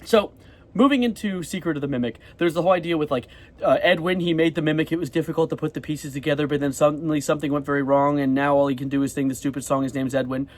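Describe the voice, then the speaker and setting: A young man rambling fast in a casual video diary, swearing casually as he talks. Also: on the high side, fairly even intonation. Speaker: vlogger.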